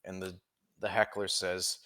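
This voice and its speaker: A man's voice: sits low, flat delivery, measured pace, pushed and bright. A man narrating a tabletop game as game master, rambling and cursing casually as he describes the scene. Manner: rambling, profane, chuckling.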